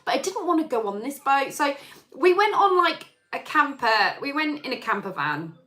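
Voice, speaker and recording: A woman's voice: high voice, sing-song, moderate pace, pushed and bright. A woman, a singer, chatting casually on a live stream and rambling through a story with lots of fillers.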